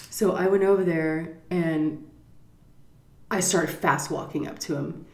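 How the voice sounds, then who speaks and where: A middle-aged woman vlogger telling a story in a casual, animated way, swearing and acting out the quotes loudly. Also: medium pitch, unhurried. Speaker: mukbang vlogger. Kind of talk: storytime chat. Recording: echoey room.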